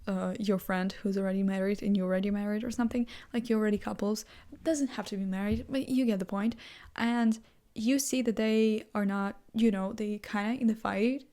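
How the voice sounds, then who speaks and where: A woman vlogging casually as she thinks out loud, her sentences wandering and full of "like" as she restarts her thoughts. She is playful and amused by her own asides, and her voice sits at an ordinary middle pitch. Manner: rambling, heavy use of "like", frequent restarts.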